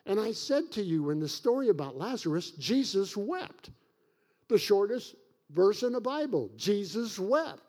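A high-pitched male pastor from Kentucky delivering a sermon. He preaches emphatically, slowing right down on key phrases, and drops in folksy jokes at his own expense. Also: a little mellow. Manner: folksy, self-joking asides; emphatic preaching with dramatic slowdowns.

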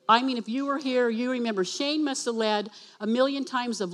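A woman giving a personal testimony in church as a speaker and worship leader. She acts out the dialogue and spells words out slowly for emphasis. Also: fairly high pitch. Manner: animated storytelling that acts out dialogue.

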